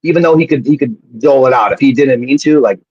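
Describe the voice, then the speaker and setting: A man, a former pro wrestler appearing as a guest, telling animated and profane stories in a casual way, often restarting his sentences. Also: mid-range voice, quick pace, husky, dry recording. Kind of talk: casual storytelling on a live show. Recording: dull lo-fi sound.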